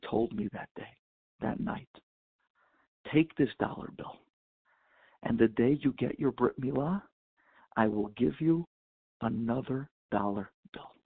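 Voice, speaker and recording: A man's voice: mid-range voice, gravelly, breathy edge, dry recording, phone-quality sound. A man, a rabbi, telling a story in an impassioned sermon and mixing in Hebrew and Yiddish terms, heard over a phone conference line.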